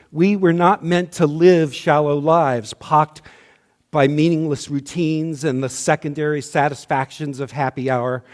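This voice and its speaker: A man delivering a sermon as minister, slow and measured, his voice often dropping to a hush at the ends of lines. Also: fairly high pitch, big-room sound. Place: church sanctuary.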